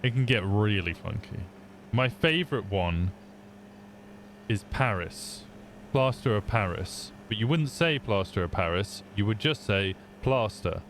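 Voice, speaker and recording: A man's voice: on the low side, expressive, a little slow, slight background noise. A young British man streaming a roleplay game, chatting casually and explaining at length, swearing freely.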